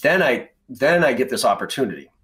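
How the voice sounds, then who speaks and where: A man's voice: medium pitch, big pitch swings, fairly quick, fairly bright tone. A middle-aged man from the Boston area, a sales trainer telling stories as a podcast guest in a blunt, conversational way, swearing freely. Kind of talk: casual storytelling in a podcast interview.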